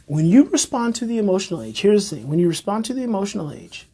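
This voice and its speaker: A man's voice: high-pitched, big pitch swings, quick pace, warm tone, husky. A man who teaches parenting, giving an emphatic live-streamed talk and repeating his key phrases and rhetorical questions. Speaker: parenting educator.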